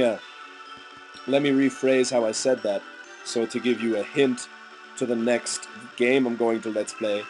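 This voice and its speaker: A man with a sick, hoarse voice, making crude jokes as he talks over a video game. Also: medium pitch. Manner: joking, crude and excitable. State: hoarse from illness. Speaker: let's player. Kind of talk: casual gameplay commentary. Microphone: desk microphone.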